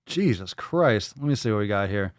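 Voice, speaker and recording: A man's voice: fairly low pitch, expressive, normal speed, no room sound, studio quality. A man hosting a live podcast, riffing sarcastically and swearing a lot as he reads posts aloud. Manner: sarcastic, profane, jumps into silly voices. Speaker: podcast host. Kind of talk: casual live show banter.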